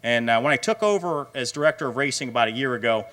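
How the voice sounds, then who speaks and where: Man, middle-aged, awards emcee, rambling with fillers, crisp bright tone. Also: mid-range voice, expressive, fast talker. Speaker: director of racing, emcee. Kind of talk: awards banquet speech.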